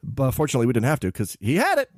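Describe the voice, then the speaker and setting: Brief: lively male podcast host, storytelling, big swings in pitch, dry close mic. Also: racing, no room sound. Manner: animated storyteller, acting out quoted people; says he is loud and over-caffeinated. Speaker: podcast co-host and bar owner. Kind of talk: casual chat.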